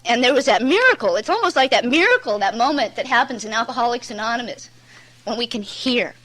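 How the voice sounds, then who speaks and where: Woman, recovery meeting speaker: bright, high-leaning voice, blunt, rambling storyteller. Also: expressive, fairly quick, low-quality recording. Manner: candid, rambling storyteller, many "you know"s; plain-spoken and blunt. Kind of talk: personal testimony at a recovery meeting.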